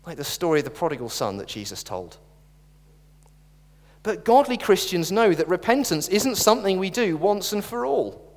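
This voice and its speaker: Preacher with a lively, high voice. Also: male voice, normal speed. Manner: earnest, with wry asides and jokes. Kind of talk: sermon. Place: church. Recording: reverberant church hall.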